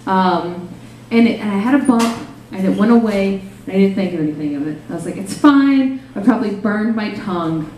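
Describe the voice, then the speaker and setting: A young woman does a rambling, self-deprecating stand-up set in a small cafe, her talk full of fillers. Her mid-range voice is a little fast and a little mellow, picked up far from the mic with slight background noise. The room is very echoey, with faint ambience.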